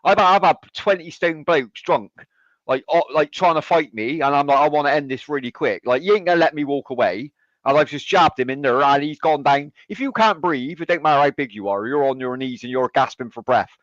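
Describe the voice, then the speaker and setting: A man with a fairly high voice chats bluntly, swearing freely as he tells animated stories. The sound is dull and lo-fi, with no room echo at all. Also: a little fast. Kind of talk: casual chat.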